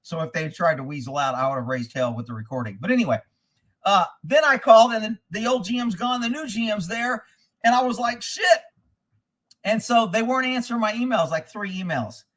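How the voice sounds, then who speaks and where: A man with a high-pitched voice chats casually on his livestream. He rambles through stories, swears freely and breaks into laughter often. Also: fairly quick, a bit bright. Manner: profane, rambling storyteller who laughs often. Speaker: livestream host. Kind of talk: casual live-stream chat, reading comments.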